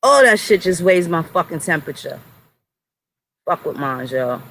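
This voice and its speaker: The host's mid-range, fairly bright voice swings widely in pitch, with vocal fry at a normal speed, during an angry rant directed at chat and moderators. Heavy profanity and threats fill the stream, and the audio is poor.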